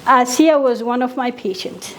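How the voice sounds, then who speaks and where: A middle-aged woman from Somalia speaks English in a fairly high voice. She delivers an emphatic conference talk as a physician, hammering home her points by repeating them. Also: moderate pace, a little hiss or hum. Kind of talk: impassioned conference speech.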